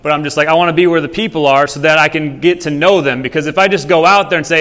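Young guy pastor talking casual like a story, voice on the higher side, big echoey hall. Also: quick pace, few pauses, a bit bright. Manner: conversational, storytelling. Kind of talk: casual sermon. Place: church hall. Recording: long hall reverb.

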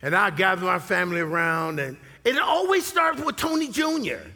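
A middle-aged male pastor preaching a sermon, swinging from quiet asides to loud high bursts. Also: sing-song, moderate pace. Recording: long hall reverb.

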